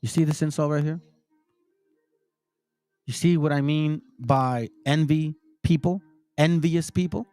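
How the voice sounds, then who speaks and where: A man's voice: fairly high pitch, fairly even intonation, a little slow, long pauses, darkish tone, dry recording, soft background music. A man hosting his own channel, giving heated, preachy commentary over video clips and speaking straight to his listeners. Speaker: channel host reacting to videos.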